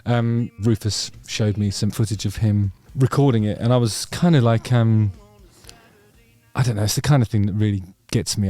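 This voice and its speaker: A man's voice: on the low side, dark tone. A man hosting his channel, talking through a song in a rambling, wry way with lots of ums and casual swearing. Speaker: channel host. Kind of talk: casual reaction commentary.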